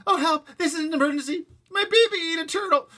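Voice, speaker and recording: A man voicing a panicking mother in a storybook reading, shrill and wailing, her voice pushed high and loud. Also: quick pace. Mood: panicked. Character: frantic panicking mother, middle-aged woman.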